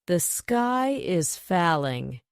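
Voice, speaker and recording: A woman's voice: on the low side, big pitch swings, extremely slow, gravelly, clear, resonant tone, dry recording, clean studio sound, full character voice. A woman voicing a small, panicky female chick in a storybook, urgent and alarmed.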